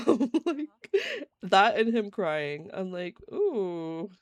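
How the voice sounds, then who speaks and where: Slow, chatty woman streaming a game. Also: medium pitch, sing-song, no room sound. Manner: chatty, giggly, reacts to gameplay. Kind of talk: casual live-stream commentary. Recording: faint game music behind.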